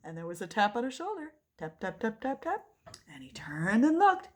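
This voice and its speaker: A woman telling a children's story, animated and prompting listeners to act along. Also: fairly high pitch, moderate pace. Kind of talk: interactive storytime narration.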